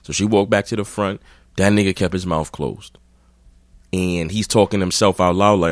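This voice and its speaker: A man hosting his own podcast, telling a long, blunt, profane story in a loose, rambling way. His voice sits low and sounds dry and close to the mic. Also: fairly even intonation, normal speed, dry recording. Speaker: podcast host. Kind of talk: casual storytelling.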